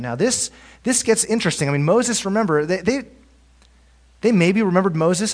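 A man preaching a sermon, his voice sitting a touch high for a man. He swings from energetic, emphatic passages to quiet, hushed lines when he wants a point to land. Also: normal speed. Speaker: pastor.

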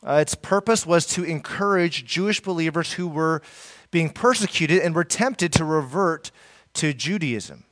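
A man's voice: on the high side, lively intonation, unhurried, a bit bright. A man preaching a sermon as pastor, earnest, with many fillers and restarts.

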